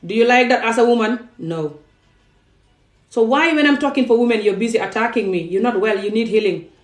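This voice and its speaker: A woman's voice: a little high, fairly quick, roomy sound, low-quality recording. A young adult woman, talking straight to camera in an emphatic, pleading monologue full of rhetorical questions. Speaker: vlogger. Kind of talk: impassioned direct-to-camera monologue. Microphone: phone or camera facing her.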